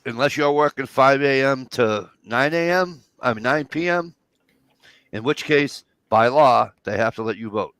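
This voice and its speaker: A man's voice: mid-range voice, unhurried, fairly bright tone, no room sound. A middle-aged man, telling rambling, profane stories and acting out the dialogue. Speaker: podcast co-host. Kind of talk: casual storytelling chat.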